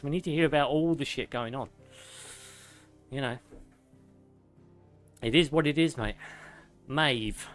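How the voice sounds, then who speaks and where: A young man streaming a game, reading lore slowly and drawn-out, with joking banter in between. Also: mid-range voice, fairly bright tone. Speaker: gaming streamer.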